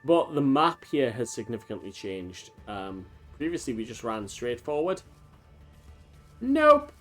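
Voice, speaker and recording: A man's voice: medium pitch, animated, normal speed. A man streaming a video game, chatting casually and wandering off into long tangents full of fillers. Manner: rambling, talks in long tangents with many fillers. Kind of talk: casual let's-play commentary. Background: faint game music.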